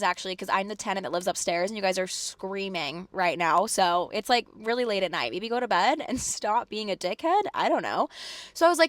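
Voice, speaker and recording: A woman vlogger telling a personal story in casual chat, animated and emphatic, filling her talk with "like". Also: mid-range voice, no echo. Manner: animated, fillers of "like" throughout; quick, emphatic retelling with acted quotes.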